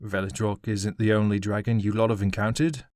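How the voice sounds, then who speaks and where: An awestruck guardsman, as a male storybook narrator voices him, blunt and excitable, drawing out his words in wonder. His voice rises a little above the narration in a dry, close recording. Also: fairly low pitch, a little fast, no room sound, natural voice. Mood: startled.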